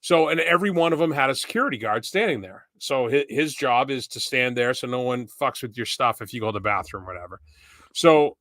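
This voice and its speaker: Bright-voiced young man telling a rambling story. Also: medium pitch, lively intonation, a little fast, dry recording, clean studio sound. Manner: rambling, acts out quoted people with raised voice. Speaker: podcast co-host. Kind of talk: casual storytelling chat.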